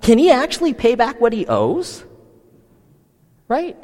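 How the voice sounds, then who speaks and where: A man's voice: very high voice, wildly swooping pitch, a little slow, a little mellow, in a large hall. A man preaching a sermon, asking the listeners many rhetorical questions. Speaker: pastor.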